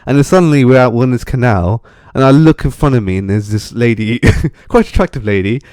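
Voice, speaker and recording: A man's voice: mid-range voice, brisk, dry recording. A young man co-hosting a podcast, telling travel stories in casual chat and acting out the voices of people he quotes. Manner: animated storytelling, acts out quoted voices. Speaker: podcast co-host.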